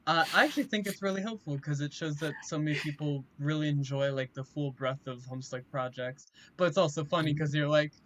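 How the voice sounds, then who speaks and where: A man hosting a relaxed gaming stream chat, talking in an easygoing, halting way. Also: fairly high pitch. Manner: easygoing, hesitant, many restarts. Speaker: streamer and mod developer.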